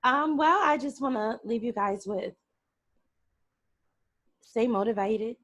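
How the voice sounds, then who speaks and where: A woman co-hosting a podcast, chatting casually with relaxed, laughing banter. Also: on the high side, normal speed. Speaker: podcast co-host. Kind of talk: casual chat.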